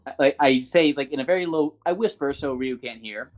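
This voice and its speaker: A man playing a tabletop game, speaking haltingly with many restarts. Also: medium pitch. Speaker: player.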